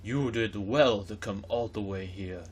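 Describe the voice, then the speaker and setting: A man voicing a stately old fish king in a video game, reading the lines slowly in a grand, formal manner with a lowish voice. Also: slight background noise, close to an everyday voice. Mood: regal. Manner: slow, booming, formal.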